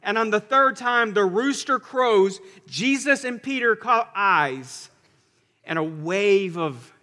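A male pastor preaches in a church sanctuary, telling the story in an animated way and moving from loud to hushed. His voice is high and bright. A long reverb rings through the hall. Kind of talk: sermon.

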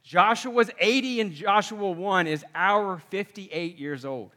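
A man preaching a sermon to a congregation, energetic and conversational, with humorous asides. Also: sits high, takes it slowly, long reverb tail. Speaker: pastor. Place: church sanctuary.

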